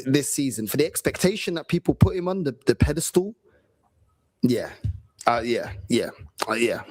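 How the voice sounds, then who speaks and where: A man's voice: medium pitch, darkish tone. A man reviewing a match as a fan, listing his team's problems point by point. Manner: critical, lists problems point by point. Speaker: fan channel co-host.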